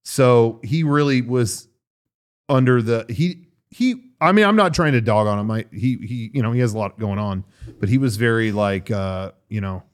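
A man's voice: medium pitch, moderate pace. A man co-hosting a casual podcast chat, rambling loosely as he plugs the show and tells stories. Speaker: podcast co-host.

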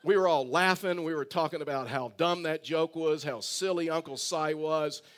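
A man's voice: fairly high pitch, normal speed, a bit bright. A male pastor preaching a sermon in a conversational storytelling way, full of rhetorical questions.

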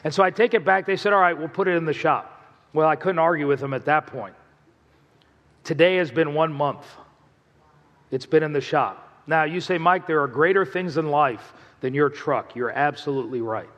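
A man's voice: on the high side, normal speed, fairly bright tone, long reverb tail, muffled recording. A male pastor preaching a sermon, telling stories in a conversational way and asking the congregation questions.

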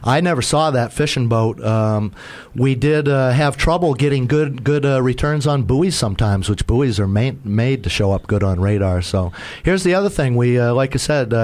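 Male, casual storyteller, rambling and self-deprecating, talks about boats. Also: mid-range voice. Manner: rambling, self-mocking, acts out quoted shouts. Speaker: sailor telling a sea story.

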